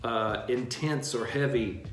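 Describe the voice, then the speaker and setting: A man co-hosting a casual live-stream chat and speaking in a measured, reflective way. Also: medium pitch, a bit bright, roomy sound, soft background music. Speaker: co-host, opera singer.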